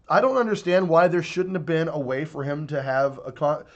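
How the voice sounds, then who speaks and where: A man's voice: a little high, steady tone, moderate pace, dull audio. A man giving a heated, profane video commentary rant, sounding exasperated. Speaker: online commentator.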